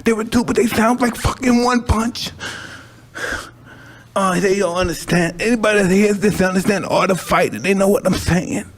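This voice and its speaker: A podcast host with a high-pitched voice speaks at a moderate pace while leading a conversation. He is intense and emotional, repeating himself, swearing, and at times crying.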